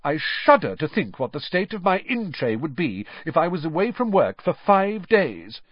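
A sanctimonious young bureaucrat, voiced by a man, officious and husky, in a dry, dull recording. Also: mid-range voice, very animated, fairly quick, dry recording, voice pushed up. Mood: pompous. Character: pompous, self-important young man.

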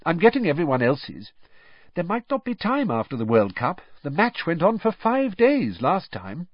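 A man voicing a bossy, doting middle-aged mother who scolds briskly. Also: fairly high pitch, huge pitch swings, dry recording, pitched above the performer's own voice. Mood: fussing. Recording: dull lo-fi recording.

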